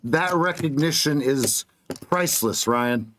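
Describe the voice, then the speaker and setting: Trading coach, male, slightly high voice, clipped blunt delivery, faint background hiss. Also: animated, takes it slowly, fairly bright tone. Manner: clipped, blunt market calls with slang. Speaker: trading coach streaming live. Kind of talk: live trading commentary.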